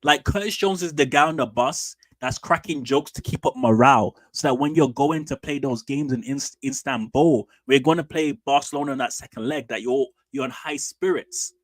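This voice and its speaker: A man streaming casual football commentary, animated and opinionated, with slangy repeated asides. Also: medium pitch, normal speed, few pauses, dry recording. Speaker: streamer and fan channel host.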